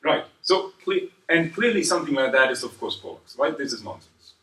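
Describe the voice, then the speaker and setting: In a mid-range voice and at a fairly quick pace, a southern German university lecturer runs a seminar, peppering his points with questions to the room and adding "right?" after them. The lecture room is echoey and he sounds distant from the microphone.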